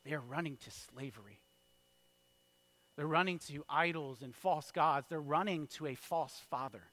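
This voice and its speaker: A man in his thirties preaching a sermon, telling a story with big swings from hushed lines to loud calls. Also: fairly high pitch, normal speed. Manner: storytelling with wide swings in loudness, from hushed to shouted. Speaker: pastor.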